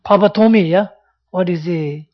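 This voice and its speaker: Dharma talk teacher, halting english w/ lots of yeah?, muffled lo-fi sound. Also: mid-range voice. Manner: broken English, repeats phrases, tag-question check-ins. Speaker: Buddhist teacher. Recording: dull lo-fi recording.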